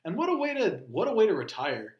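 A man co-hosting a casual podcast chat, telling animated stories and slipping into mock impressions. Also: high voice, quick pace, echoey room, lo-fi sound. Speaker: podcast co-host.

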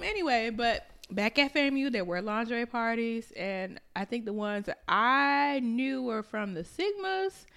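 A young adult woman in casual podcast chat, telling stories in an animated, profane way. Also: on the high side, a little slow, gravelly, hardly any pauses, clear, resonant tone. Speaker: podcast co-host.

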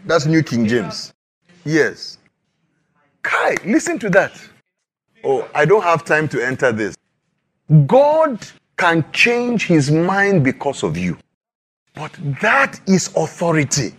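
A man's voice: fairly high pitch, huge pitch swings, slow, long pauses, a bit bright, husky. A man preaching a sermon in a dramatic way, acting out pleading prayers and God's replies.

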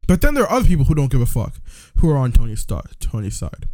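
A man's voice: mid-range voice, huge pitch swings, fast, darkish tone, no echo, clean studio sound. A man co-hosting a podcast, ranting in casual chat, profane and incredulous. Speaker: podcast co-host.

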